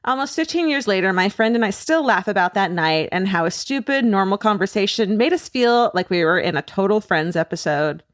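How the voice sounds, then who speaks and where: Woman podcast co-host, expressive storyteller who reads listener mail, laughs a lot, dry booth sound. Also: mid-range voice, fairly quick, hardly any pauses, no room sound. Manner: animated storyteller, laughs often, swears casually. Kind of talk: casual comedic podcast chat.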